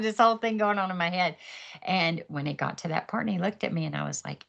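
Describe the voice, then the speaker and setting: Speaking fast in a creaky, lowish register, a woman recounts her story with candor and faith as a podcast guest. She laughs a lot and acts out other people's voices, all heard through a video call.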